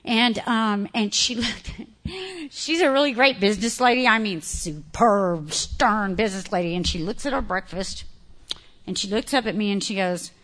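A woman giving a candid, animated personal testimony to an audience, laughing often as she talks. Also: mid-range voice, moderate pace. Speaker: speaker sharing recovery story.

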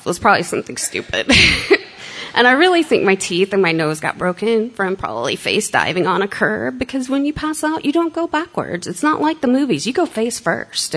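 A woman's voice: medium pitch, very animated, moderate pace, fairly bright tone. A middle-aged woman telling her recovery story candidly, blunt and self-mocking, swearing freely and acting out dialogue. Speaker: speaker sharing a recovery story.

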